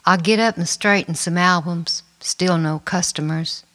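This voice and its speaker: A middle-aged woman reads her memoir aloud in an unhurried, measured way. Her voice sits fairly low, and she lets each phrase settle before moving on, keeping a quiet, reflective tone. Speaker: memoir narrator. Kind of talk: first-person memoir reading.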